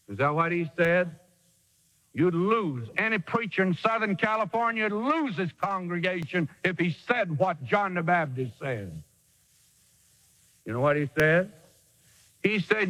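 A man's voice: sits high, expressive, measured pace, fairly bright tone, in a large hall, rough recording. A man preacher delivering a sermon in an emphatic, dramatic way with sudden swings in delivery.

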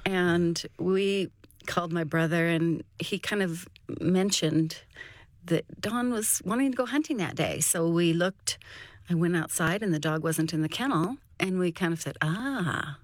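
A woman recounting a family rescue story in a halting, conversational way. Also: lowish voice, no echo, studio quality. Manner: halting, many restarts and fillers. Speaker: interviewee telling a rescue story. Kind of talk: personal storytelling.

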